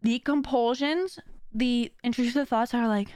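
Woman, podcast host, casual chat, animated, slangy, laughs often, fairly high voice, dry close sound. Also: a little slow, clean tone, no echo.

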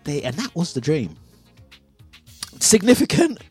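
A man, hosting a breakfast radio show and telling a story in a lively, casual way, acting out his own quotes. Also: medium pitch, normal speed, husky, soft background music. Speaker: radio host. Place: radio studio.

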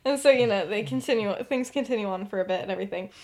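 A woman's voice: mid-range voice, very fast, a little mellow. A woman casually retelling a story as podcast co-host, giggly and full of fillers.

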